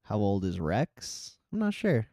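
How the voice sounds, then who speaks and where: A man hosting a live stream, chatting casually and reading out viewer comments, relaxed and profane. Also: fairly low pitch, measured pace, no room sound, clean studio sound. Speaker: livestream host.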